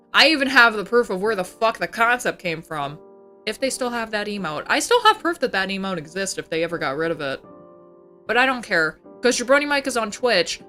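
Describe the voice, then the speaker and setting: A young adult woman streaming as a VTuber rants in a heated, casual way, swearing and slipping into mocking voices. Her voice is medium-pitched, pushed, and bright. It's a casual ranting livestream chat.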